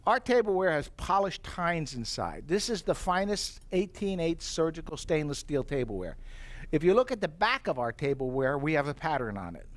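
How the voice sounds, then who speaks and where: A middle-aged man giving a live sales pitch for tableware, an animated storyteller who acts out his own reactions. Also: moderate pace.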